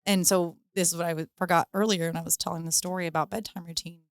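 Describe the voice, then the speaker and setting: A woman's voice: fairly low pitch, steady tone, quick pace, dry recording, studio quality. A woman co-hosting a casual podcast chat about parenting, rambling with many fillers. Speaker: podcast co-host.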